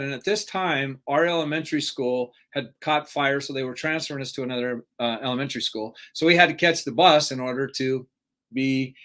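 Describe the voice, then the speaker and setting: A man's voice: fairly high pitch, a bit bright. Earnest man giving a motivational talk. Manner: earnest, keeps asking "right?"; acts out quoted dialogue in his story. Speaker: live show host, speaking coach.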